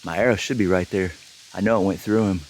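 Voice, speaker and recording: A man filming himself on a hunt from a tree stand outdoors, talking into a handheld camera with bursts of excitement and hushed explanation. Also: fast talker, a little hiss or hum. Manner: breathless excited exclamations, then hushed low explanation. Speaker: bow hunter filming himself. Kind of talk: self-filmed hunting vlog.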